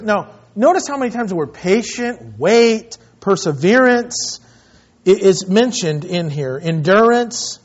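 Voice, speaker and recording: High-voiced preacher, conversational sermon. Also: male voice, lively intonation, unhurried, highs cut off. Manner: conversational, anecdotal, with restarts. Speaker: pastor.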